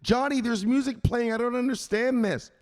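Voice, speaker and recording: A man voicing a confused elderly mother on the phone, asking naive, fretful questions in a raised, high voice. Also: fairly even intonation, moderate pace, a little mellow, long reverb tail. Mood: worried, bewildered.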